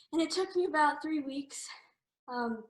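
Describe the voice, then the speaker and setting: A young woman, an art student, presenting her own artwork in a casual, hesitant way, with frequent ums and a little out of breath. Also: high voice. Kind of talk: casual showcase talk. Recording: echoey room.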